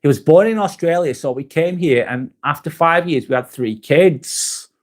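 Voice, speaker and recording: A man's voice: a little high, moderate pace. A man hosting a live stream, chatting casually, reading viewer comments aloud and swearing now and then.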